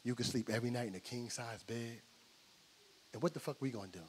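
A middle-aged man doing a stand-up comedy set, telling loud, brash, profane stories on stage. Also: medium pitch, quick pace, slight background noise. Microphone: handheld stage mic.

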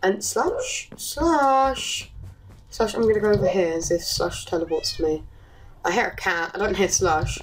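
A woman YouTuber giving casual, rambling game commentary, chatty and easily excited, with frequent giggles. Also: fairly low pitch, brisk, a little hiss or hum, low-quality recording. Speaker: gaming YouTuber.

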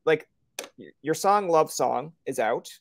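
A man's voice: fairly high pitch, lively intonation, a little slow, vocal fry, dry recording, studio quality. A man hosting a podcast interview, talking casually and rambling, with frequent stammers and restarts. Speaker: podcast host.

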